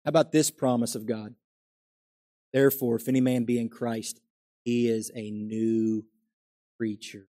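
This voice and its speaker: A man preaching a sermon as pastor, swinging from quiet asides to loud, emphatic exclamations. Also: mid-range voice, little pitch movement, a little slow, pauses often.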